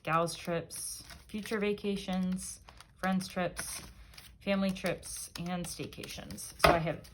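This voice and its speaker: A woman's voice: lowish voice, fairly even intonation, slow, slight background noise. A woman vlogger chatting casually and upbeat as she counts bills aloud, one by one. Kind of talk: casual chat while counting cash.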